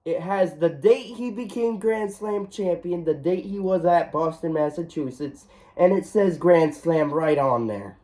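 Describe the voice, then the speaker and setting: Slow, earnest man vlogging. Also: a little high, mellow. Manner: earnest, heartfelt, repeats phrases. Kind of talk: emotional vlog reflection.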